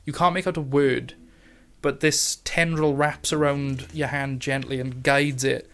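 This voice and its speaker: A man running a tabletop game as dungeon master, narrating in a relaxed, chatty way with fillers. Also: mid-range voice, unhurried, clear, resonant tone.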